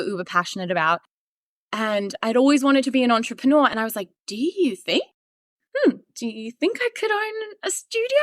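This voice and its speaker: Lively woman guest on a podcast, higher voice, laughs a lot, acts out what she said back then, dry close sound. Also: dry recording. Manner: animated, laughing often, acting out her own past remarks. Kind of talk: storytelling in a casual interview.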